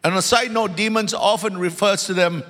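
High-voiced preacher in an echoing church. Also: male voice, steady tone, fairly quick, fairly bright tone. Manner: emphatic, repeats key words, calls to the congregation; joking asides. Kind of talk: sermon. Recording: long hall reverb.

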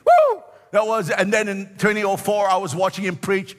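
A man in his sixties delivers a fervent sermon with a high, bright voice. He stretches key words into a sing-song lift and keeps punctuating with hallelujahs. The sound carries a long reverb, as in a large hall. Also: level tone, fairly quick, soft background music. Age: 60s. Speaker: pastor.

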